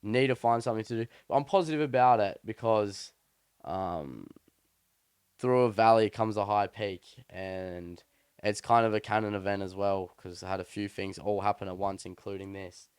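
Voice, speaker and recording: A young man co-hosting a podcast chats casually, telling a rambling, slangy story full of restarts. His voice is fairly low and darkish, delivered at a moderate pace, with a clean tone and a dry, clean studio recording.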